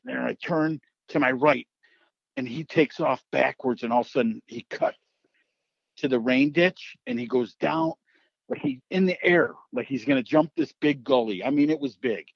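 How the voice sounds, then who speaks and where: A middle-aged man from Wisconsin telling a hunting story in casual chat, animated and swearing, acting out what people said. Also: medium pitch, moderate pace, vocal fry, no room sound. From Wisconsin, United States. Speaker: podcast host. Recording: slightly muffled, dry.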